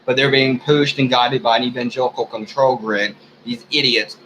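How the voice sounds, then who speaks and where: An American man in an angry, unscripted rant, talking heatedly and profanely and often clearing his throat. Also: medium pitch, little pitch movement, normal speed, pushed and bright, slight background noise, low-quality recording. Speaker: video blogger.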